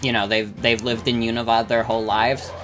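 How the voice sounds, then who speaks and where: Young adult streamer, bright edgy tone, rambling and sweary, faint game music behind. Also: mid-range voice, little pitch movement, fairly quick. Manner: rambling, filler-heavy, swears freely. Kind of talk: casual chat while gaming, reading chat.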